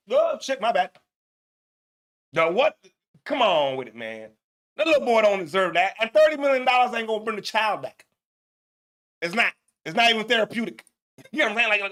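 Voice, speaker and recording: A man. He is loud and animated, curses heavily and repeats himself as he talks. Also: high-pitched. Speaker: show host reacting to clips. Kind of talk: profane live reaction commentary.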